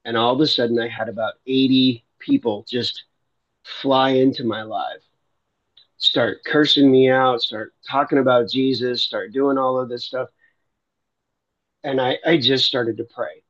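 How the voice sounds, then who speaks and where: This middle-aged foster parent and Christian livestreamer recounts his faith journey unhurriedly, his medium-pitched voice steady and fairly bright. His telling is loose and rambling, with many restarted sentences. There's no echo, though the highs are cut off.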